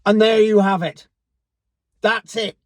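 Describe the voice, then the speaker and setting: A Cornish man rants to camera, sarcastic and liberal with swearing. His voice sits fairly high for a man and the sound is dry and close. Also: fairly even intonation, takes it slowly, dry recording. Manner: ranting, profane, sarcastic. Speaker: vlogger. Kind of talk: angry opinion rant to camera.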